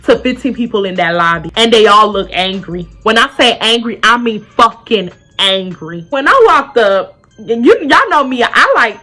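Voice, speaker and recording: A young woman telling a casual, profane storytime, loudly acting out what people said. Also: a little high, moderate pace. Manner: animated, profane, acts out quotes loudly.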